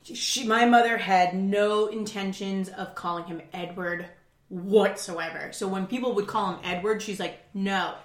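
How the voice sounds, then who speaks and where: A woman's voice: medium pitch, fairly even intonation, moderate pace. A woman co-hosting a podcast, telling casual stories with dry asides. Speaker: podcast co-host. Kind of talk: casual chat. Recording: echoey room.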